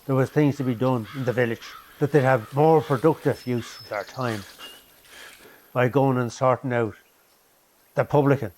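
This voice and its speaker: A man narrating a documentary story in measured, short phrases. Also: medium pitch, darkish tone, slight background noise.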